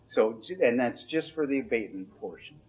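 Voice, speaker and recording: A man's voice: medium pitch, lively intonation, brisk, a little mellow, slightly rough. A man with a mid-range voice briefs a board on finances, explaining the figures plainly and without fuss. The recording has a dull, muffled tone. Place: board meeting room. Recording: dull meeting-room recording.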